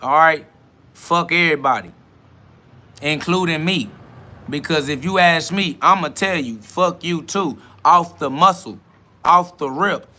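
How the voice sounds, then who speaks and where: A man's voice: fairly high pitch, unhurried, pushed and bright, a little hiss or hum. A man hosting a spiritual podcast, preaching an improvised sermon in street slang, emphatic and profane with a repetitive cadence, recorded outdoors beside a road. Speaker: self-styled spiritual podcast host.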